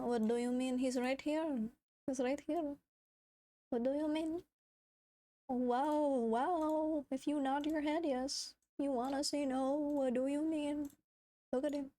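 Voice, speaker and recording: A woman streamer chatting casually on a live stream, excitable, laughing a lot and swearing. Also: high-pitched.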